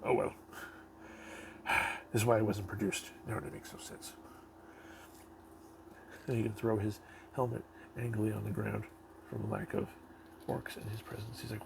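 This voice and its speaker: A man's voice: on the low side, flat delivery, moderate pace, gravelly, pauses often, background noise. A man hosting a casual toy review, rambling offhand and swearing now and then.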